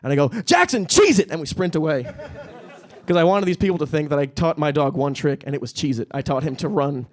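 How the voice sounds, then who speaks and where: A young man doing stand-up on a stage with a handheld mic. His voice sits a bit high for a man, and he talks in a dry, deadpan way, then jumps into squeaky, panicky voices when a joke lands. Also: brisk, hardly any pauses. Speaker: stand-up comedian. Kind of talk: stand-up comedy set. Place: comedy stage at a live-streamed event.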